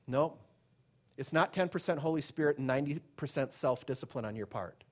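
A middle-aged male pastor preaching a sermon, swinging from loud emphatic declarations to hushed, soft pleading. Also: a little high, lively intonation, a little fast.

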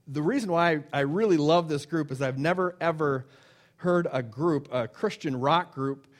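Animated man preaching a casual sermon. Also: fairly high pitch. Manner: animated storytelling, acts out quoted voices; repeats phrases, restarts. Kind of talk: informal sermon with personal story.

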